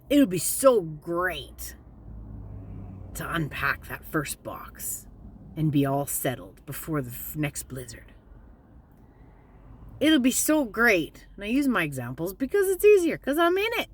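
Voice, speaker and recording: A woman's voice: lowish voice, slight background noise. Woman vlogging about finding peace, chatty and candid, voice swings up and down a lot. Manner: candid, animated, plainspoken, slows down to stress points. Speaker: spiritual vlogger. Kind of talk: casual motivational talk.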